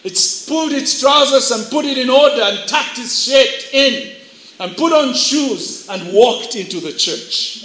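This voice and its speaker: High-voiced man preaching in an echoey hall. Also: bright, forceful tone. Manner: acts out voices in dramatic sermon stories. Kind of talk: sermon to young people. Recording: echoey room.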